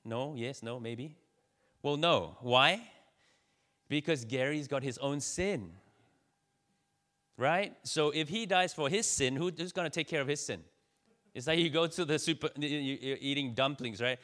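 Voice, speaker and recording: A man's voice: mid-range voice, measured pace, long pauses, a bit bright. A man preaching a conversational sermon, joking with his listeners and building in energy. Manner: conversational preaching, teasing the audience, rising energy.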